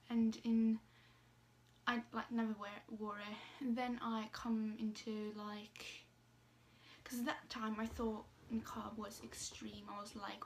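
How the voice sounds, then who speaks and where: Hesitant young woman, flat higher voice. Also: a little hiss or hum. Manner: hesitant, many fillers and restarts, soft asides. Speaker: vlogger. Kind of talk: casual personal storytelling.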